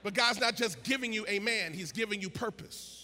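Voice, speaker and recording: High-voiced, bright male preacher in a hall. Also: a little fast. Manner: builds to shouted, sing-song preaching cadence. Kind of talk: sermon. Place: large conference hall. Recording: long hall reverb, faint ambient noise.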